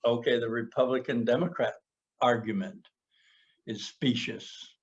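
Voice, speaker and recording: A man's voice: mid-range voice, steady tone, measured pace. A middle-aged man talking in a reflective, earnest way in a casual conversation. He often stumbles and repeats words while he searches for his thoughts. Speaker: podcast co-host sharing personal experience. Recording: muffled lo-fi podcast audio.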